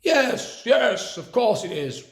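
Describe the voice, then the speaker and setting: Man putting on a sly sugary matron, lively pitch, storybook, roomy echo. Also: normal speed. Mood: sarcastic. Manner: sugary and sarcastic. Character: sly scheming female matron of a care home.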